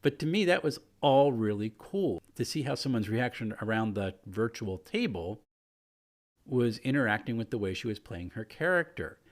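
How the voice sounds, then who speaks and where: A man tells a story from his tabletop game as its game master. His voice sits at an ordinary middle pitch. He keeps a relaxed, chatty manner with casual fillers. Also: moderate pace.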